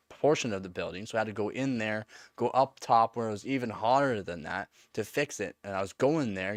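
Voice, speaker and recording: A man's voice: on the low side, dry recording, studio quality. A man chatting casually on a live stream, telling rambling stories with lots of fillers and laughter. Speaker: live streamer answering chat.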